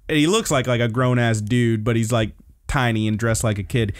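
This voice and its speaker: A man's voice: medium pitch, fairly even intonation, normal speed, clear, resonant tone, no room sound, clean studio sound. A man hosting a podcast, recapping episodes in a laid-back, casual way and swearing freely. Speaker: podcast host.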